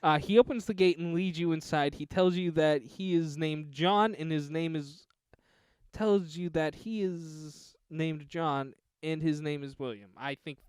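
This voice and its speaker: A man's voice: a little high, unhurried, darkish tone, clean tone, no echo, clean studio sound. A man on a podcast, casually reading out a text adventure game and joking about it. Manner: reads game text aloud with laughing asides. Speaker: podcast co-host.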